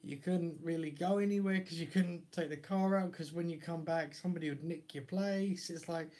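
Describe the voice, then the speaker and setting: Man, live-stream host, playful teasing banter, relaxed chat. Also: fairly high pitch, normal speed. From Essex, England. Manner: teasing, jokey banter with his kid.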